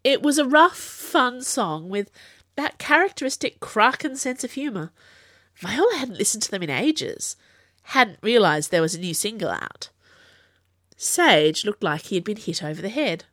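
A woman reads her own serialised fiction aloud with animated, expressive storytelling. Her voice rises and falls in a wide, lively range, and the recording is close and dry with no room echo. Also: medium pitch, a little slow. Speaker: author and podcast narrator. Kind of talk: scripted narration of fiction.

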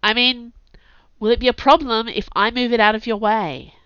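A snarky sarcastic young prince, dry and complaining, voiced with a bright, forceful edge, as a woman reading a storybook puts him on. the recording is a little dull and lo-fi, with a dry close sound. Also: on the high side, fairly even intonation, moderate pace, clear, resonant tone, no echo, pitched above the performer's own voice, lightly acted.

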